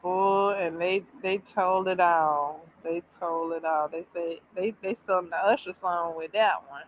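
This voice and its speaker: Reacting to a series on her livestream, a woman with a lowish voice is animated and exclaiming, stretching out repeated words in excited bursts. The audio from her streaming mic is a bit dull, with faint noise behind her.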